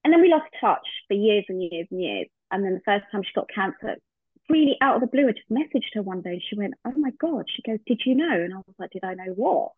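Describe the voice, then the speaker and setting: A woman's voice: mid-range voice, expressive, fast talker, slightly rough, no echo. A woman, a podcast guest, telling a heartfelt personal story and acting out the remembered dialogue. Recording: tinny phone-like line, dry.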